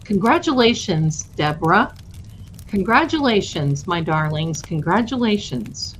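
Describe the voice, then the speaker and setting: Woman hosting a relaxed live stream, warm and talkative, unhurried delivery, faint room noise behind. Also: mid-range voice, poor audio. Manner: chatty, affectionate, calls viewers my darlings. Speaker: host of a tarot channel livestream. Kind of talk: casual livestream chat.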